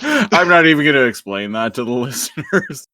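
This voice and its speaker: A man co-hosting a casual podcast, talking slowly, laughing often and swearing freely. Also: medium pitch, sing-song, pushed and bright, dry recording, studio quality. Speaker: podcast co-host. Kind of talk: casual chat.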